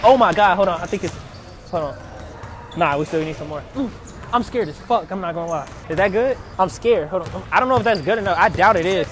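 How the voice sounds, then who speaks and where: Young dude with vibes, highish voice, jittery and jokey vlog talk. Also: male voice, brisk, over music. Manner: nervous, joking, slangy. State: out of breath at times. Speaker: prank vlogger. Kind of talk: casual vlog chat.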